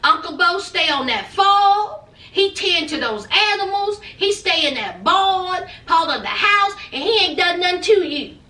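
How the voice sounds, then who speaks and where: A woman's voice: extremely high pitch, lively intonation, measured pace, few pauses, pushed and bright, roomy sound, distant mic. A woman giving sassy, dramatic commentary in a TV recap vlog, full of folksy slang. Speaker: reality TV recap vlogger.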